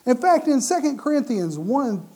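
Lively, mellow-voiced man preaching. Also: very high-pitched, normal speed. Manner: animated, repeats and restarts words while preaching. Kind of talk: sermon.

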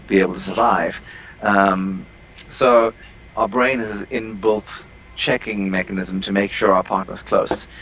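A man's voice: lowish voice, gravelly, a bit bright, a little hiss or hum, low-quality recording. A man working as a relationship coach, explaining at length as a guest on an interview call, with many ums and restarts. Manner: explanatory, long rambling sentences with many fillers.

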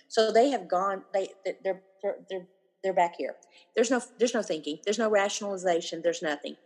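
A woman in her fifties, a guest in a casual interview, talking animatedly and acting out the lines of the people she quotes. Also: on the low side. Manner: animated, acts out quoted dialogue.

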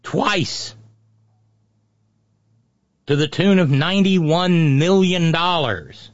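A man's voice: a little high, lively intonation, extremely slow, dry recording. A man hosting a political talk show, delivering sarcastic, mocking commentary. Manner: mocking, sneering, does mocking impressions. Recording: dry, dull lo-fi audio.

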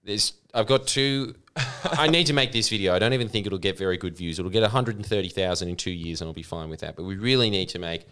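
A young man with an Australian accent trades wry, teasing banter in a casual podcast chat. His voice sits a little low, with a smooth, clean tone. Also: fast, few pauses, a bit bright. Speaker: podcast co-host.

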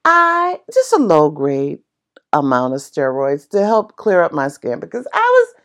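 A woman casually telling a personal story in an excitable, passionate way, laughing as she talks. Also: deep voice, a little slow. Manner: animated, excitable, laughs while talking; passionate and chatty.

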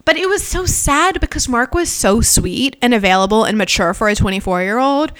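A woman with a slightly high, bright, edgy voice chats casually on a podcast. She retells events in a gossipy way and leans on "like" as she goes. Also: animated, fairly quick. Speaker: podcast co-host or guest. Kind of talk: casual chat.

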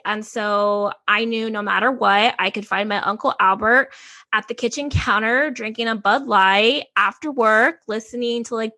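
A woman's voice: a little high, sharp tone, no room sound. A woman in her thirties, an interview guest, frankly telling her life story in a casual, slangy way. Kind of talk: candid personal storytelling.

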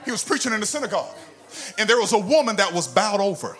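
A man's voice: high voice, expressive, fast, sharp tone. A man preaching a sermon in a church, calling out to the congregation and building into sung, whooping phrases. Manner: call-and-response preaching, rising into sung whoops. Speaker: pastor. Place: church sanctuary with organ music behind. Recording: music playing under the voice.

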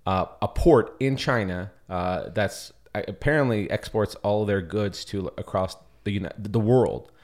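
A man's voice: on the low side, moderate pace, hardly any pauses, a little mellow. A man co-hosting a podcast in an office, chatting casually in a rambling way with joking asides. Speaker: podcast co-host. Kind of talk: casual chat.

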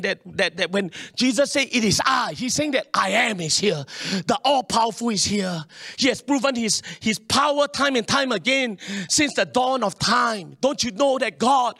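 Man, middle-aged, pastor preaching, lively sermon, high pitched, dry close sound. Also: normal speed, gravelly, no room sound. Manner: animated preaching with calls for amen, mixes in local slang.

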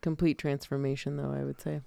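A man's voice: mid-range voice, flat delivery, a little fast, creaky, mellow, smooth, no room sound, studio quality. A young adult man co-hosting a casual film discussion, hesitant with many restarts. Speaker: podcast co-host.

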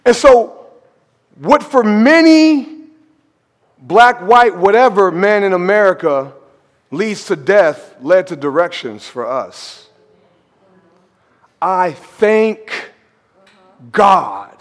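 A male pastor telling a story in a sermon, animated and conversational, sometimes dropping to a hushed emphasis. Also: high voice, very slow, pauses often, in a large hall. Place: church sanctuary.

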